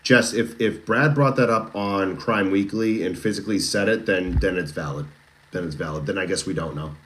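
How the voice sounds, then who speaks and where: Guy with a boston accent running a true crime live stream, deep voice, chatty, keeps restarting sentences and throwing questions at chat. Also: normal speed, fairly bright tone, a little hiss or hum. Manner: chatty, with frequent restarts and direct questions to viewers. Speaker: true crime livestream host. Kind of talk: casual live-stream chat reading viewer comments.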